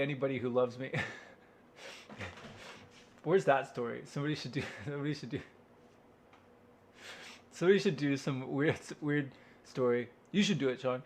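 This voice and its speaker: A man's voice: medium pitch, moderate pace, pauses often, slight background noise. A man in a casual, rambling monologue, wry and self-interrupting, who swears freely. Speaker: vlogger.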